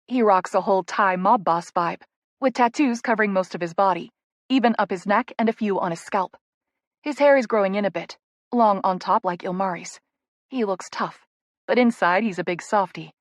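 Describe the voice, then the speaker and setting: A woman narrating a first-person romance audiobook in a soft, intimate, emotional way. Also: medium pitch, normal speed, no room sound, studio quality.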